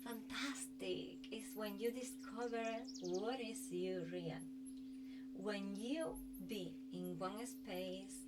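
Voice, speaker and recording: A woman hosting a sound healing stream, chatting casually in halting, non-native English. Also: mid-range voice, over loud music. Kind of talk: casual live-stream chat. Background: singing bowls and chimes.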